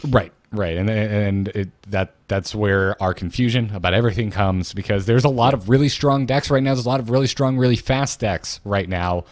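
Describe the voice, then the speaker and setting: Low-voiced man, dry close mic. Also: moderate pace, hardly any pauses, no echo. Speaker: podcast co-host. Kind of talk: casual chat.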